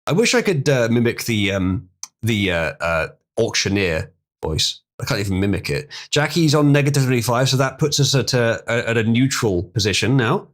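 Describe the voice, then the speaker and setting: Chatty male streamer with lively pitch. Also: moderate pace. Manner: stumbling over hard words, chatty with the audience. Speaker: live streamer. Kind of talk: casual live-stream chat and reading aloud.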